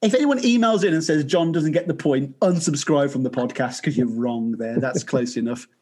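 A man's voice: medium pitch, moderate pace, darkish tone. A man hosting a podcast, chatting casually, joking and teasing, with frequent laughter. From Birmingham, England. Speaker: podcast host.

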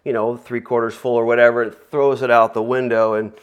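A male preacher gives an informal, conversational sermon at a middle pitch. He rambles through many asides and fillers and drops in jokes along the way. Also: level tone, brisk, clear, resonant tone, dull audio. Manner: rambling, filler-heavy, joking.

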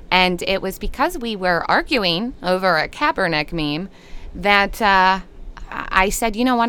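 A woman with a Minnesotan accent, giving a podcast intro in a gentle, earnest, unhurried way. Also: lowish voice, smooth. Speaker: podcast host. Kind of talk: reflective podcast intro monologue.

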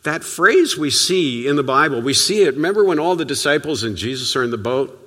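Lively, forceful preacher in a reverberant hall. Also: male voice, fairly high pitch, fairly quick. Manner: conversational, storytelling preaching with sudden soft drops. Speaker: pastor. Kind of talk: sermon.

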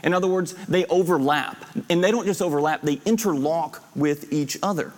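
A man's voice: a little high, normal speed. A man teaching a Bible class, explaining step by step, recapping lists and putting questions to his students. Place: classroom or church hall with students. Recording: long reverb of a hall.

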